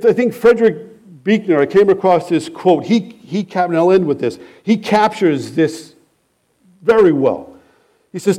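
A man pastor preaching a sermon in an earnest, measured way, letting his phrases fall soft at the ends. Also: high voice, lively intonation.

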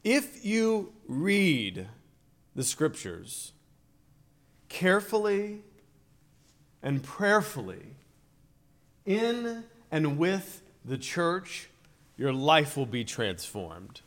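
A man preaching a sermon, slow and deliberate, building to emphatic swells on key phrases. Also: on the high side, huge pitch swings, fairly bright tone. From Virginia, USA.

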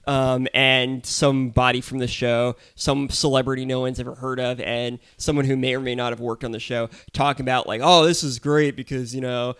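A man's voice: medium pitch, flat delivery, fairly quick, few pauses, a bit bright, clean tone, no echo. A man co-hosting a casual podcast, ranting and swearing, often mocking others in put-on voices. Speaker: podcast co-host. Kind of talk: casual profane chat.

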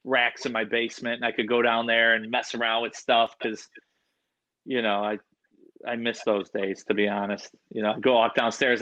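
A man who breeds reptiles, telling stories in casual chat with lots of fillers and swearing, getting animated. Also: medium pitch, dull audio.

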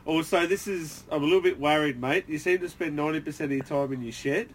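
A man roasts his podcast mates in a somewhat high voice, swearing and breaking into laughter as he goes. Background noise sits clearly under the recording. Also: fast talker. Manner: swearing, teasing, laughing often. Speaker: podcast co-host. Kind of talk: casual roasting banter.

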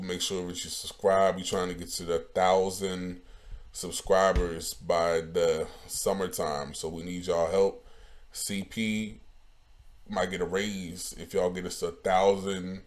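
Laid-back low-voiced male podcast host. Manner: laid-back, joking, slangy. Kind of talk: casual chat.

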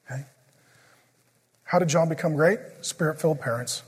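A middle-aged man preaching a sermon, joking through family stories and turning quiet and earnest when he prays. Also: fairly high pitch, normal speed, pauses often, breathy edge. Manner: joking storyteller who turns quiet and earnest in prayer. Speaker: pastor. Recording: long hall reverb.

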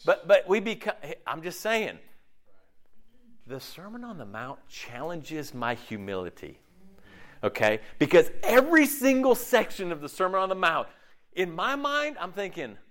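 A man's voice: sits high, a little slow. A man preaching a sermon in a conversational style, often checking in with the listeners and acting out his own inner dialogue. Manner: animated, conversational preaching with frequent "okay?" check-ins; acts out inner dialogue in shifting voices. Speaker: pastor.

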